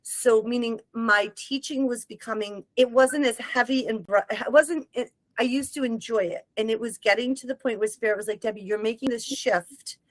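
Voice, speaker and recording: A woman, a medium, telling a personal story in casual conversation, emotional and animated, breaking into short sung lines. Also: on the high side, moderate pace, hardly any pauses, no echo, rough recording. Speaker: guest medium.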